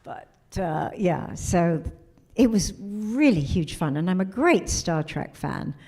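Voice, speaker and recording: A middle-aged woman speaking on a convention panel, with a slightly low voice. She tells her stories with energy, acting out what others said. Her talk is warm and chatty. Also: slow pace, breathy edge. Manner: animated storyteller who acts out quotes. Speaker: convention guest of honor.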